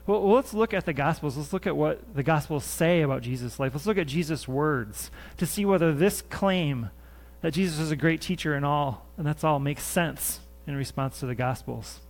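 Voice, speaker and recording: A male pastor preaching to his congregation in a church. He speaks in an earnest, conversational way and circles back over his own phrases for emphasis. His voice sits a little higher than most men's. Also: normal speed. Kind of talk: sermon. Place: church sanctuary.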